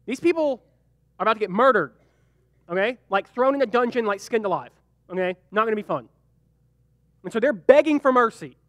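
A young man leading a youth group Bible lesson, joking and animated, briefly acting out the characters in the story. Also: high voice, no room sound. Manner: animated and joking, acts out quick character voices. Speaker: youth pastor.

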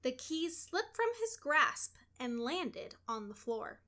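Woman, bright high voice, unhurried, expressive children's story read-aloud. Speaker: storybook reader.

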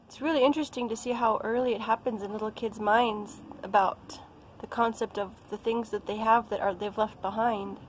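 A woman's voice: on the high side, fairly even intonation, normal speed, slight background noise, poor audio. A young American woman talking casually in a vlog, chatty and playful. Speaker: vlogger.

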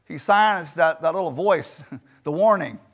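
Male pastor, high voice, emphatic sermon in a church, swings loud and soft. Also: lively intonation, moderate pace. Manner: emphatic preaching with rhetorical questions and sudden loud swings. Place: church sanctuary.

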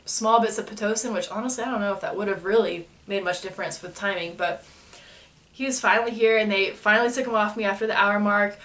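A woman's voice: mid-range voice, fast, distant mic. A woman in her twenties casually telling a personal story, laughing often and acting out what people said. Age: 20s. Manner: animated, laughs often, acts out quoted lines.

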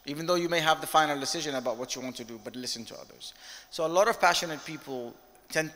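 Candid male lecturer in a reverberant hall. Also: on the high side. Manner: candid, animated storytelling with direct questions. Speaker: guest speaker, company director. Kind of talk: interactive leadership lecture.

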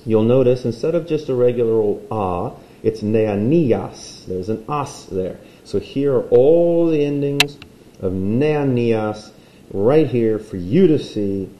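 A man's voice: mid-range voice, lively intonation, unhurried, few pauses, darkish tone, echoey room, a little hiss or hum, rough recording. A man teaching a recorded language lesson, playful and explaining while he draws.

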